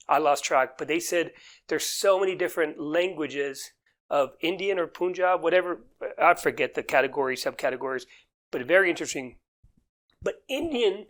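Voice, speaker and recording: A man hosting an unscripted comedy business news show, rambling and interrupting himself as he riffs. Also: a little high. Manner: rambling, animated, self-interrupting. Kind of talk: freestyle comedic commentary.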